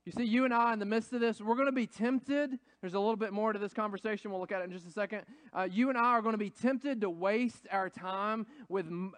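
A man's voice: sits high, dry recording. A man preaching a sermon in an earnest, conversational way, building up to emphatic points. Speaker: pastor.

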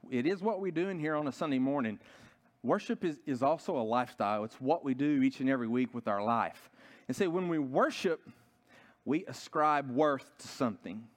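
A man preaching a sermon in a church, telling a story earnestly and often restarting his sentences. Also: medium pitch. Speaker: pastor.

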